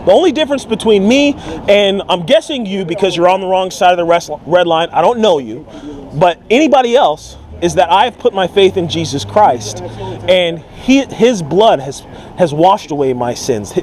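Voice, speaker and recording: A man's voice: sits high, expressive, normal speed, a little mellow, low-quality recording. A man preaching on a city street, earnest and pleading, often repeating his words. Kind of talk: open-air street preaching.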